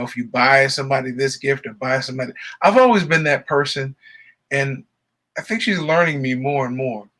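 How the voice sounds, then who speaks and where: A man co-hosting a podcast, chatting casually and telling a joke with lively, laughing delivery. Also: mid-range voice. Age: adult father. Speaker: podcast co-host. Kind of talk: casual chat.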